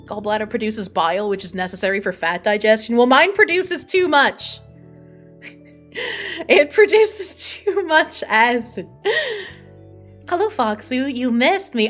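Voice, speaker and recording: Chatty high-voiced woman streamer. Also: sing-song, measured pace, a bit bright. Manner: chatty, swears freely, laughs often. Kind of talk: casual chat reading out viewer messages. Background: faint background music.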